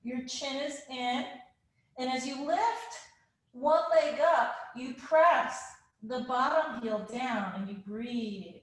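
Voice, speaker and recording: A woman's voice: high-pitched, slow. A woman guiding a children's yoga class, playful and encouraging, making animal sounds along the way. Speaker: kids yoga teacher. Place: live virtual class. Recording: very echoey room.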